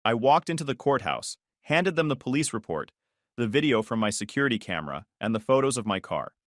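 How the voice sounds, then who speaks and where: A man's voice: medium pitch, sing-song, a little fast, no echo, clean studio sound. A man narrating a first-person story in a scripted, dramatic way.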